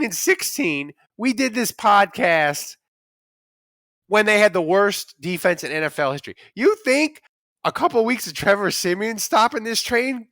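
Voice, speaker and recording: A man hosting a sports podcast, joking and animated in casual chat. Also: high voice, no room sound, studio quality. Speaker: podcast host.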